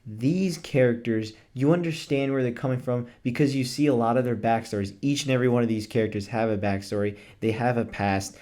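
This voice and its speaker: A man's voice: mid-range voice, fairly quick, few pauses. Young guy vlogging a movie review, super hyped, swears a lot, laughs a bunch, totally casual. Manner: excited, gushing, swears casually, laughs often. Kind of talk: casual chat.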